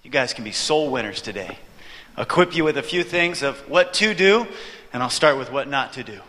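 A male preacher telling a story in a sermon, animated and joking with the audience. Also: mid-range voice, a little fast. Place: church hall, before an audience. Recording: reverberant hall.

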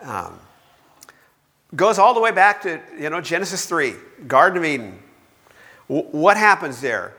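Animated preacher man in an echoey hall. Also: a little high, unhurried, long pauses. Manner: animated storytelling, acts out quoted voices. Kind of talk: sermon.

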